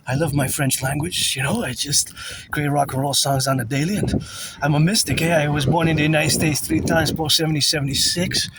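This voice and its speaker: A man with a slightly high voice rambles as he walks through city streets. He drifts from thought to thought, repeats himself and mutters asides. He sits back from the mic, and loud noise runs behind him. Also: steady tone, a little fast, recorded from a distance. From Quebec, Canada. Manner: repetitive, drifting, mutters asides under his breath. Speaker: vlogger. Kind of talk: rambling walking monologue.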